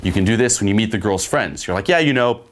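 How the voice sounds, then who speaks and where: A man's voice: fairly low pitch, fairly even intonation, fast talker. A man coaching on dating in a casual, profane way, often checking in with "okay?". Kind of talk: instructional monologue.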